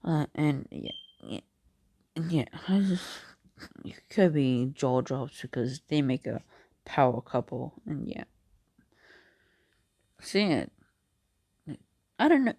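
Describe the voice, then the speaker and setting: A man casually making up and telling a fan story, halting and rambling with many restarts. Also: fairly high pitch, sing-song, darkish tone, dry recording, studio quality.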